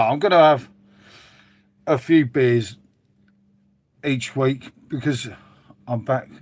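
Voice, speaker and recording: A man chats loosely to his live stream viewers, drifting from thought to thought. He drops casual swear words and calls everyone mate. His voice sits slightly higher than most men's. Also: darkish tone, dry recording. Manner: chatty, rambling, says "mate" constantly, mild swearing.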